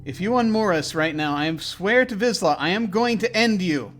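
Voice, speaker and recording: A man's voice: high-pitched, expressive, normal speed, a bit bright, faint music behind, voice pushed up. A man voicing an angry woman who threatens someone, in a tabletop game. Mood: threatening. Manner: fierce threatening.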